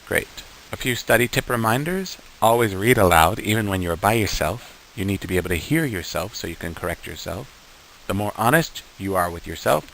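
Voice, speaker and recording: A man with a deep, low-pitched voice teaches a beginner lesson. He is patient and unhurried, repeating each syllable and word so the learner can follow along. A faint hiss runs under the recording. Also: lively intonation, gravelly, a bit bright, poor audio. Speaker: Hebrew teacher.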